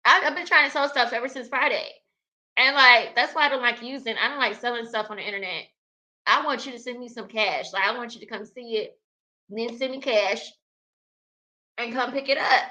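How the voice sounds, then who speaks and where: A chatty young woman hosts a casual livestream, reading out comments and laughing as she talks. Her voice is bright and sits a little high, and she speaks. She sounds close to a webcam mic. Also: brisk. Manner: chatty, laughs often, talks to viewers as y'all. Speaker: livestream host reading chat.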